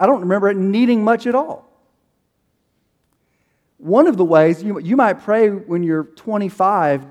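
A man's voice: on the high side, darkish tone, long reverb tail. A man in his forties preaching a sermon in a casual, conversational way, acting out prayers and quoted speech. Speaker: pastor.

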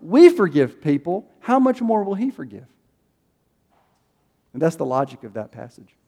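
A man's voice: a little high, big pitch swings, normal speed, mellow, breathy edge, big-room sound. A man in his forties preaching a sermon in a casual, conversational way, acting out prayers and quoted speech. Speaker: pastor.

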